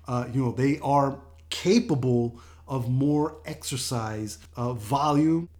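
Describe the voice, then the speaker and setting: A man's voice: medium pitch, a little mellow. An older man hosting a health show in a casual monologue, chatty, often laughing and full of fillers and restarts.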